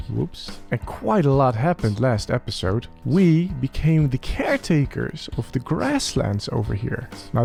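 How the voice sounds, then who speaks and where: Gravelly guy doing an in-character minecraft let's play, soft and earnest, low mellow tone. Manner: soft, earnest in-character musing, talking to a game creature. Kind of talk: role-played Minecraft let's play narration.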